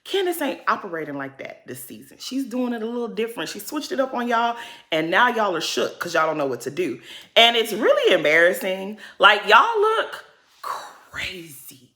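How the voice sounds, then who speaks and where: A woman's voice: mid-range voice, big pitch swings, normal speed, pushed and bright. A woman giving a casual, blunt and sassy recap of a reality show, with plenty of cursing.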